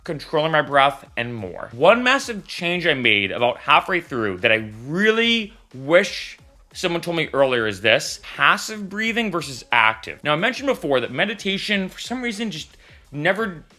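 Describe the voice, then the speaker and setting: A man's voice: on the high side, big pitch swings, normal speed, pushed and bright. A man vlogging casually to camera, candid and chatty, with frequent asides like "right?" and "I'll be honest.". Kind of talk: casual vlog talk to camera.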